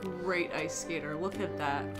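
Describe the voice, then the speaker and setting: A woman's voice: low-pitched, a little slow, over loud music. A woman co-hosting a casual gameplay stream, chatting with dry, wry asides. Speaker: co-host playing a video game.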